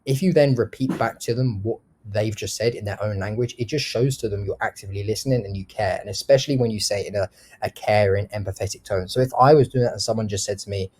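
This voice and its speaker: A man with a lowish, warm, mellow voice teaching sales in a casual way. He talks bluntly, swears freely and shows each point by switching his tone. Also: quick pace. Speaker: sales trainer. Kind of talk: casual instructional talk.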